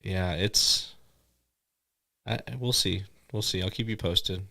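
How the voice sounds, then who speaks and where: A man's voice: slow pace, creaky, bright, forceful tone. A man co-hosting a podcast, answering mildly and laughing in casual chat. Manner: mild, laughing, low-key replies. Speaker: podcast co-host.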